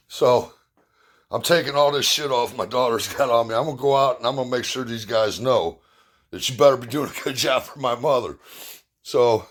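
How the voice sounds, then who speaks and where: A middle-aged man casually telling rambling, profane, self-mocking stories and jokes to his viewers. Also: medium pitch. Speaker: vlogger. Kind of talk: casual storytelling.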